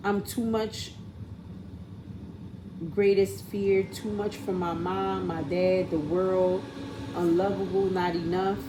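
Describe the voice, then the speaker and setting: Woman spiritual reader, mellow and low, chatty, full of rhetorical questions. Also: slight background noise. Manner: conversational, asks rhetorical questions. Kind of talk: intuitive spiritual reading.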